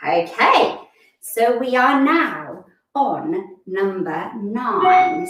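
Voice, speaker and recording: A woman's voice: medium pitch, recorded from a distance. A woman leading a children's yoga lesson, giving encouraging instructions and singing counting verses, a little out of breath. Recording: echoey room, voice from away from the mic.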